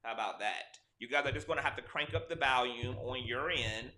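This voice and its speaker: A man's voice: mid-range voice, a little fast, sharp tone. A man hosting a casual livestream, blunt and profane, talking straight to his viewers through a cheap desk microphone. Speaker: livestream host. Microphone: cheap desk mic.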